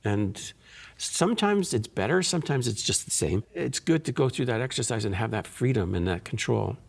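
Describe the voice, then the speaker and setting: A man, a guitarist being interviewed, who talks in a relaxed, thoughtful way and often repeats and restarts his words. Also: medium pitch, moderate pace, gravelly, slightly rough.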